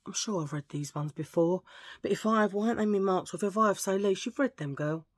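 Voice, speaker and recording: A middle-aged woman chatting casually to camera as a vlogger, playful and prone to hushed asides. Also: mid-range voice, fast, no room sound, studio quality.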